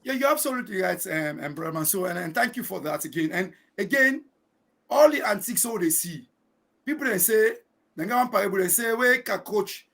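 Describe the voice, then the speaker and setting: A Sierra Leonean man speaks as a guest commentator in emphatic, oratorical Krio-English. His voice sits very high for a man and has a gravelly fry. He leans on proverbs to make his points. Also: lively intonation, brisk, fairly bright tone. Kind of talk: political discussion show.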